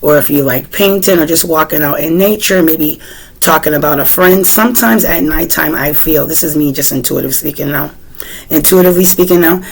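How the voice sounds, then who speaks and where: A woman's voice: low-pitched, brisk, rough recording. Chatty Boston woman reading tarot. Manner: chatty, asks the cards questions aloud, clears throat often. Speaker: tarot reader.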